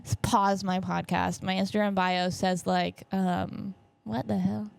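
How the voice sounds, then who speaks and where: Woman, 20s, podcast host, stuffy nose, chatty and rambling, filler-heavy, gravelly fry. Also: medium pitch, level tone, measured pace, darkish tone, no room sound. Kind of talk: casual solo podcast recap. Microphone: camera setup.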